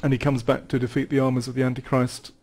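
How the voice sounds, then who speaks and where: A man's voice: mid-range voice, level tone, fast talker, a little mellow. A man teaching about scripture in a studio conversation, reading passages aloud and explaining them earnestly, with occasional restarts. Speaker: guest Bible teacher.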